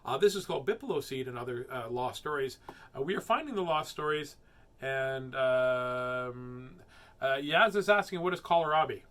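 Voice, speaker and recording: A man's voice: mid-range voice, lively intonation, moderate pace, a bit bright. A man hosting a children's book reading show, chatting in a playful, silly, rambling way before reading picture books aloud.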